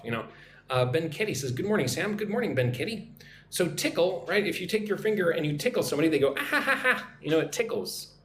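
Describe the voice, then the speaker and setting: Over an echoey recording with faint background noise, a man from the United States gives a livestreamed English lesson. His voice is fairly high as he drills pronunciation slowly, asking "right?" again and again.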